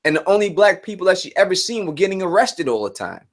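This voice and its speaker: A man with a slightly higher voice hosts a live stream, talking earnestly and casually. He circles back over his points and restarts sentences as he works through what he means. His tone is conversational and direct. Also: sing-song, quick pace. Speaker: channel host.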